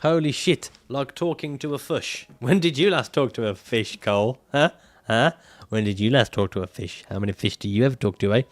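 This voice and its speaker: A man's voice: mid-range voice, brisk. A man livestreaming casually, reading out viewer comments and answering them in a jokey, profane way and laughing often.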